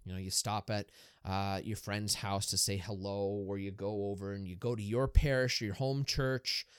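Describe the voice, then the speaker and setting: A man, a Catholic priest, talking in a casual podcast discussion, explaining things in a lively way and asking rhetorical questions. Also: on the low side, moderate pace, clear, resonant tone, no echo, studio quality. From Erie, Pennsylvania, US.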